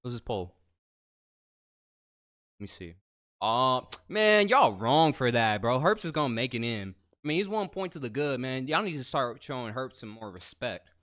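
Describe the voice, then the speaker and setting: Dude dropping by a stream, talks a lot, bro and y'all everywhere, playful, mid voice. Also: male voice, medium pitch, big pitch swings, moderate pace, a bit bright. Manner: chatty, slangy, playful, says bro and y'all. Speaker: guest YouTuber. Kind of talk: casual livestream chat.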